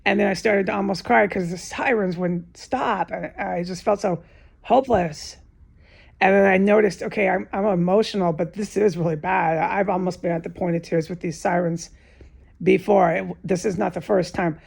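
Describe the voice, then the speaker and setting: A woman's voice: on the low side, fairly even intonation, normal speed, gravelly, a little mellow, slightly rough. A woman alone in a room, talking in an agitated, profane, repetitive monologue with many restarts. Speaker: vlogger giving testimony. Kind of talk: unscripted emotional monologue to camera.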